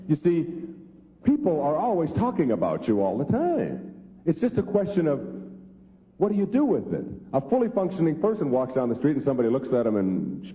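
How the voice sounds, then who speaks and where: A man's voice: a little high, huge pitch swings, brisk, breathy edge. A man giving a humorous self-help talk to an audience, telling stories and acting out the people in them. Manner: storytelling, acts out quoted voices. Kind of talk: humorous lecture to a live audience. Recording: tinny phone-like sound in a big hall.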